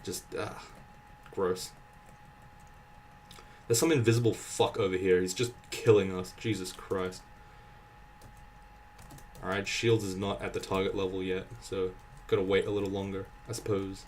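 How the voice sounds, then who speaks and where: A young man with a slightly low voice narrates his gameplay in exasperated bursts, swearing and thinking aloud. He sounds sweaty and dry-mouthed, set back a bit from the mic. Faint keyboard typing sits underneath. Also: normal speed, pauses often, distant mic, a little hiss or hum. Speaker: gameplay commentator. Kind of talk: live gameplay commentary.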